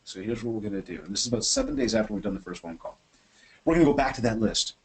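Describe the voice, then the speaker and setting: A man hosting a webinar from his office, coaching sales in an energetic, chatty way and acting out phone calls. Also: on the low side, racing, slightly rough, rough recording. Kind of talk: animated software demo and sales coaching.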